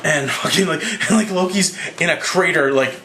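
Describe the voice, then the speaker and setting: A man's voice: a little high, moderate pace, reverberant, slight background noise. Tipsy rambling young man, swearing. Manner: rambling, profane, excitable. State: slightly drunk. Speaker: movie reviewer. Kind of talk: casual movie recap.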